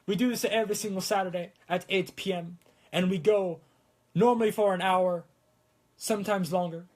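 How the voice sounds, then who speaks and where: Young man in a put-on Italian accent, husky. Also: high voice, steady tone, normal speed, a little mellow. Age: young adult. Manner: rambling, self-mocking, trails off mid-sentence. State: talking through a swollen lip. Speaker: prop-making livestream host. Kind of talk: casual livestream chat in a put-on Italian accent.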